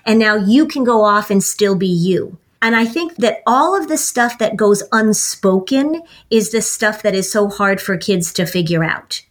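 A woman's voice: on the high side, normal speed, hardly any pauses. A woman guest on a podcast explaining parenting advice, acting out little example dialogues as she talks. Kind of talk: casual chat.

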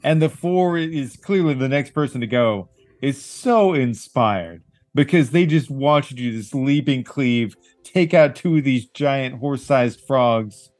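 A man's voice: medium pitch, unhurried, darkish tone, dry recording, faint music behind. Dry-sounding male game master. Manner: vivid, encouraging scene-setting. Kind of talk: narrating a tabletop game.

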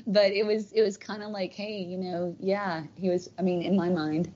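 A woman's voice: mid-range voice, flat delivery, moderate pace, warm tone. A middle-aged woman telling a personal story in casual chat, with many fillers. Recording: dull, slightly noisy sound.

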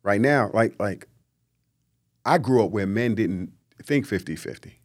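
A man, a guest on a podcast, talking in a lively, preachy way and mimicking people he quotes. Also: fairly low pitch, unhurried. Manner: animated, preachy, acts out quotes in mocking voices. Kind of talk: casual podcast conversation.

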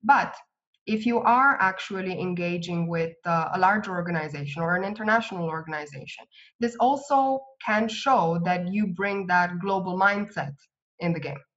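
Woman recruiter, lowish voice, steady explanatory delivery; dull lo-fi recording. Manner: measured, explanatory. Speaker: recruiter guest. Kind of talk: interview answers. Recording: slightly dull lo-fi audio.

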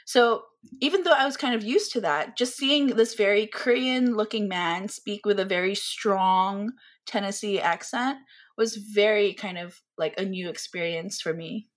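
A young woman speaks in a North American accent, chatting easily as a guest on a podcast. She talks in a loose, conversational way, often pausing to rephrase with fillers and false starts, at a middling pitch. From Philippines. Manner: chatty, many fillers and restarts. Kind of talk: casual interview chat.

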